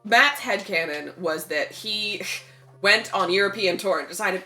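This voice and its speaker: A woman commentating a charity gaming marathon in casual chat, animated and laughing, with lots of fillers. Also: medium pitch, measured pace, roomy sound, faint music behind.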